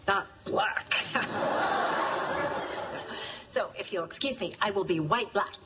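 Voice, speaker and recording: Actress playing a flustered, stammering gym partner. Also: female voice, mid-range voice, slow, lightly acted. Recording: distant film clip with loud noise.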